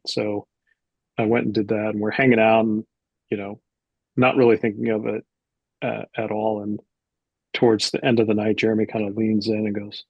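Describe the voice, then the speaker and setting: A man in his forties tells a story, his low voice slightly husky and recorded dry and close. He slips into bits of acted-out dialogue within a relaxed, casual telling. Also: moderate pace, pauses often, no room sound, lo-fi sound. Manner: animated anecdote teller, acts out dialogue. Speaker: publisher, guest.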